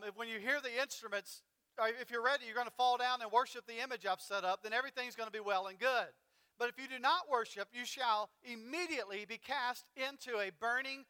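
High-pitched guy preaching, lively and chatty, crisp bright voice, echoey church. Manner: animated, conversational preaching with mock voices. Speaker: pastor. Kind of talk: sermon. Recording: reverberant hall.

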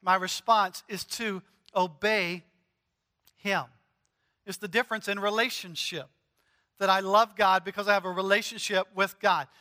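A male pastor preaches in a chatty, animated way, slowing for emphasis. His voice sits high and bright for a man. A long reverb trails his words through a church hall. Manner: conversational, animated, joking storyteller. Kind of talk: sermon.

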